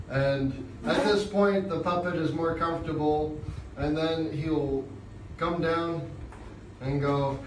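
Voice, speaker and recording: A male English teacher explains his classroom methods in a relaxed, halting way. He speaks slowly, and his voice sits a little high. He is recorded from some distance in a roomy, echoey classroom with faint background noise. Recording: echoey room from far off.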